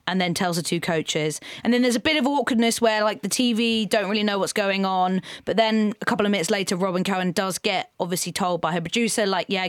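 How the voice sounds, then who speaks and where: A woman's voice: mid-range voice, clean tone, no room sound. Woman hosting a chat show, mid voice, keeps the story going, dead dry mic. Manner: chatty, laughs often, narrates step by step. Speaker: podcast host. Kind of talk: casual chat, retelling events.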